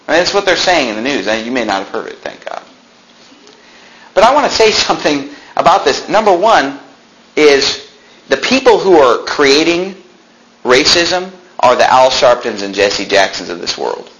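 A pastor preaching in a church, speaking in an everyday conversational tone. He keeps breaking into sudden animated bursts and mocking quotations. A faint hiss sits under the recording. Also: mid-range voice, normal speed, poor audio. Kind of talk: sermon. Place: church sanctuary.

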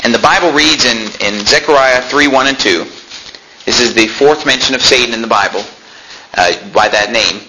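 A man's voice: mid-range voice, moderate pace, noisy background. A man preaching a sermon in a church, reading scripture aloud and telling his listeners which words to underline. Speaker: pastor.

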